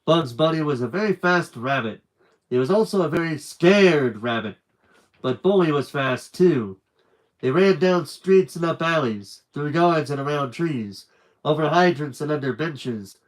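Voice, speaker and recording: A man reading a children's book aloud on a live stream with lively, animated narration and chatty asides. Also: fairly high pitch, unhurried, poor audio.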